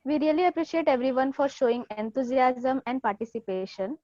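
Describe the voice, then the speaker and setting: A woman's voice: high voice, lively intonation, brisk, warm tone, no room sound. Upbeat young woman hosting. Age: young adult. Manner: upbeat, formal thanks. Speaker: event host. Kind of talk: scripted event announcement. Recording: dull lo-fi dry audio.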